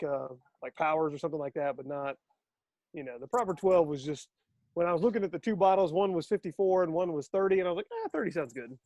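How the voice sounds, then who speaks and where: Fast-rambling man. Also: on the high side, darkish tone. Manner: rambling with many fillers. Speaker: podcast guest. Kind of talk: casual podcast chat.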